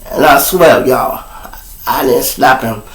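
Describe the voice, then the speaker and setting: A man from Chicago with a Chicago accent, hosting his show and telling a story to viewers in a profane, animated way, loud one moment and hushed the next. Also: medium pitch, slow. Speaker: show host. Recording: roomy echo.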